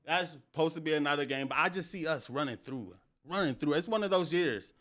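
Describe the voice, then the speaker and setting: A young man hosting a sports podcast, talking in an excited, slangy way and repeating phrases for emphasis. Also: fairly high pitch, fairly quick. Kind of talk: excited casual sports talk.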